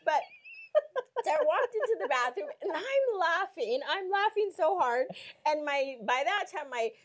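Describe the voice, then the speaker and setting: On a Christian talk show, a Mexican woman spins an animated story filled with acted-out quotes and frequent laughter. She has a very high-pitched voice and speaks at a measured pace.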